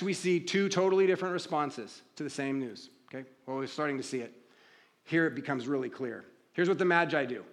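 A man preaching a sermon, conversational, asking rhetorical questions and dropping to a low, quiet voice for emphasis. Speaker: pastor.

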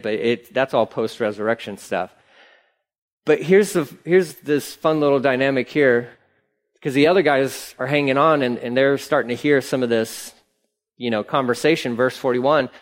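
Conversational male pastor preaching. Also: medium pitch. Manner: conversational, with playful asides. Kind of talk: sermon. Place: church sanctuary.

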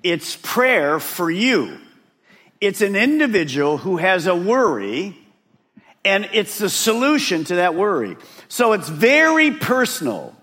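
A man preaching a sermon and talking straight to his congregation. He is animated and drops to a hush for emphasis. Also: high voice, takes it slowly, breathy edge. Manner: addresses the congregation directly. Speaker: pastor. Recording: long reverb of a large hall.

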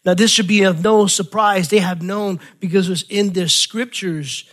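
A man with a fairly high voice preaches a sermon, teaching from scripture. He is animated and chatty, breaking off into casual, self-deprecating asides before he comes back to the text. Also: normal speed. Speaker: pastor.

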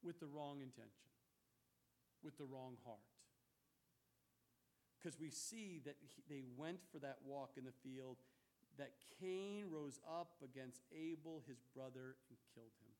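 A man preaching a sermon in an animated, emphatic way, mixing casual slang into his teaching. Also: medium pitch, a little slow.

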